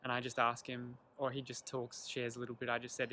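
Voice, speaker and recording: Young man, bright voice, earnest casual storytelling, acts out quoted lines. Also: medium pitch, fairly quick. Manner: earnest, animated retelling with quoted dialogue. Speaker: vlogger.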